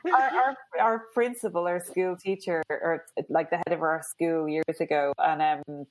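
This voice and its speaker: A woman's voice: low-pitched, measured pace, rough recording. A woman, an author guest on a podcast, telling a story in casual chat, rambling and laughing between phrases.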